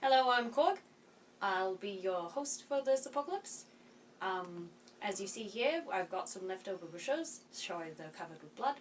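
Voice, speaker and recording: A woman voicing Korg, a gentle, chatty male rock creature, in an offhand impression recorded a little off-mic. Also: medium pitch, very animated, moderate pace, distant mic, a little hiss or hum, natural voice. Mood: cheerful.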